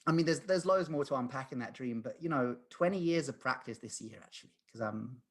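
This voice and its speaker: Guest, male, 30s: husky voice, earnest and rambling storyteller. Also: mid-range voice, lively intonation, fairly quick. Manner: earnest, rambling, many fillers and restarts. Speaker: guest, lucid dreaming practitioner. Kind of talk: podcast conversation, storytelling.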